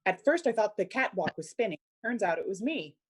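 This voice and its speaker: A woman voicing a steady, practical male ship's engineer in an amateur audio drama reading, with a matter-of-fact delivery. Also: mid-range voice, a little fast, breathy edge.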